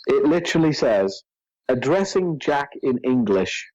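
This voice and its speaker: A man's voice: mid-range voice, big pitch swings, unhurried, a little mellow, no echo, lo-fi sound. A man co-hosting a podcast, chatting casually and reacting with wry exasperation. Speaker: podcast co-host.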